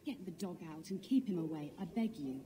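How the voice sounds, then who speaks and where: An actress playing a harried, sharp-tongued castle cook in video game dialogue. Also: female voice, on the low side, expressive, a little fast, slight background noise, lightly acted. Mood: scolding. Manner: sharp-tongued, bossy, exasperated.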